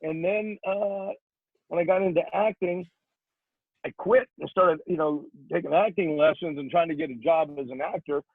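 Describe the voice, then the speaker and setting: Older man, comedian guest, jokey storyteller, high voice for a man, phone-like sound. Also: moderate pace, no echo. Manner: jokey, breaks into put-on voices. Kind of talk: storytelling in a casual interview. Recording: tinny phone-like line.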